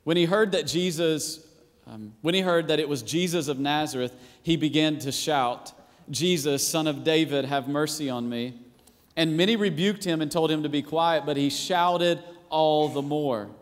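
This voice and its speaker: A man's voice: on the high side, moderate pace. Playful male pastor preaching in a reverberant hall. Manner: conversational, playful preaching with acted-out quotes and shouts. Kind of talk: sermon. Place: church auditorium.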